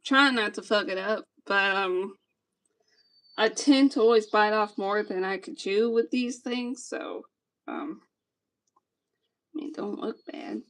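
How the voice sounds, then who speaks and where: Slow-talking Southern woman. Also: medium pitch. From Georgia, US. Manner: relaxed, rambling, self-deprecating and joking. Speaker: streamer and vlogger. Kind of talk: casual chat while woodworking.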